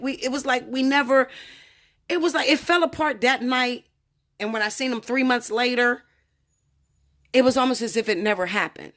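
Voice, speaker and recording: A woman's voice: mid-range voice, fairly bright tone. An American woman tarot reader telling a personal story to her viewers in a blunt, profane, emphatic way, often repeating "okay?".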